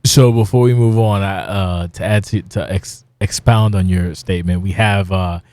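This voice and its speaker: A man's voice: deep voice, steady tone, moderate pace, mellow, no echo. Middle-aged man, podcast host, blunt and profane, rambling chat, dry close recording.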